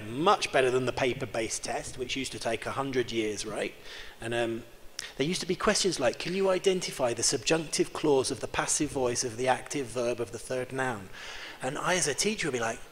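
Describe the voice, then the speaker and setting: Man lecturing in an echoing hall. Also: mid-range voice. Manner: quizzes the audience with quick questions, joking. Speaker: keynote speaker. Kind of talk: interactive conference lecture. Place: large conference hall. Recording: reverberant hall with faint background hum.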